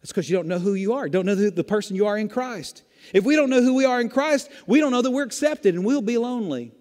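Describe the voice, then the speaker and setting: A man's voice: high voice, expressive, fast, a little mellow. A male pastor preaching a sermon with emphatic rhetorical questions and repetition, in a church sanctuary. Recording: long reverb of a large church hall.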